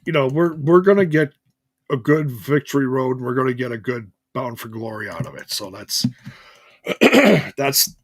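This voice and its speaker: A man's voice: medium pitch, animated, moderate pace, dry recording, studio quality. A man hosting a casual solo wrestling review, rambling and correcting himself as he goes, chuckling now and then.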